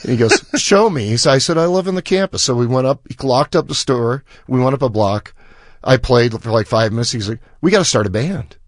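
A man's voice: medium pitch, fairly quick, no echo, clean studio sound. A man guest on a radio show, telling a long story and acting out the lines of the people in it. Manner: animated storyteller who acts out quoted dialogue. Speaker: musician guest.

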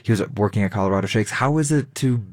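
A man's voice: lowish voice, quick pace, a little mellow, slight background noise. A man hosting a radio arts interview, asking engaged questions and giving short affirmations.

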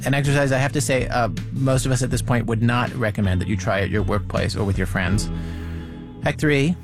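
A man's voice: mid-range voice, brisk. A man hosting a radio show, narrating its opening in a conversational, wry way. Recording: music bed underneath.

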